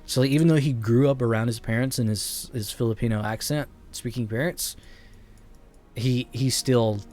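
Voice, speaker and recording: A man's voice: medium pitch, steady tone, normal speed, a little mellow, faint music behind. Chatty man with a slight Southern drawl. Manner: rambling, chatty, laughs often, talks to chat. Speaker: game streamer. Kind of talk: casual gaming stream chat.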